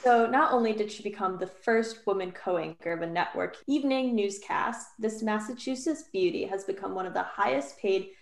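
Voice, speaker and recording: A woman's voice: mid-range voice, normal speed, gravelly, few pauses. Woman quiz host reading clues all playful, kinda echoey room. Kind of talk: reading trivia clues in a casual chat.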